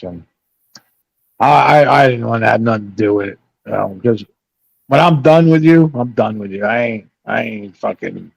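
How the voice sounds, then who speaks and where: A man's voice: fairly low pitch, moderate pace, creaky, breathy edge, no room sound, lo-fi sound. A middle-aged man telling a rambling, profane story on a live chat panel.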